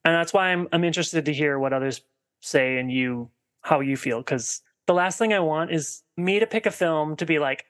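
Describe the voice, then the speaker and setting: Male podcast co-host, higher register, chatty and rambling, lots of "like" and restarts. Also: moderate pace, a bit bright. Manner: rambling, heavy on filler "like" and restarts. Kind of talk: casual film discussion.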